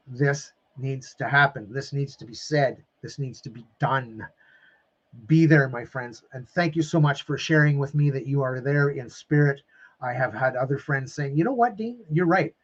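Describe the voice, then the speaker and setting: A man's voice: medium pitch, lo-fi sound. A man coaching viewers on a live stream, emphatic and emotional, repeating phrases and calling them his friends. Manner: openly emotional and effusive.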